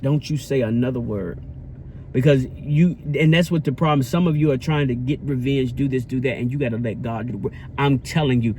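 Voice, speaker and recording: A man's voice: mid-range voice, slight background noise. A man vlogging in a casual, preachy style, earnest and repetitive, with a sermon-like cadence. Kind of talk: casual preachy vlog talk.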